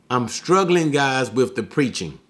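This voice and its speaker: A man's voice: mid-range voice, a bit bright. A man teaching the Bible verse by verse in a preachy call-and-response way, often asking "what?".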